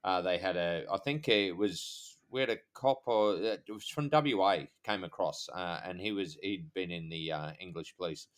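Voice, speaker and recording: An Australian man, a police officer co-hosting a podcast, telling stories in a halting way full of fillers. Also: deep voice. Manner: halting, filler-heavy storytelling. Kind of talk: casual chat.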